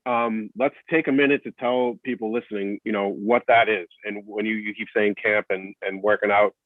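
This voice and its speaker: A man hosting a podcast interview, relaxed and prompting his guest. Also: lowish voice, normal speed, no room sound. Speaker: host. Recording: tinny dry phone line.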